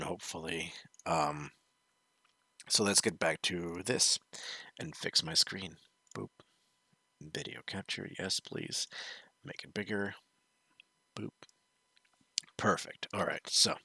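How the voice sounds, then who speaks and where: A man with a low, gravelly voice chats casually to his viewers as a video host. His tone is bright and forward but a little husky. The sound is dry and close, with no room echo. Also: slow pace, long pauses. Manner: chatty, addresses viewers directly, sometimes drops to a whisper. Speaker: video host reacting to a web series. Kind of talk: casual reaction commentary.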